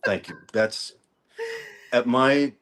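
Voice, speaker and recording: The man, a New Orleans, Louisiana songwriter, talks slowly in a mid-range voice while guesting in a casual interview. His easygoing stories come with lots of restarts and repeated words.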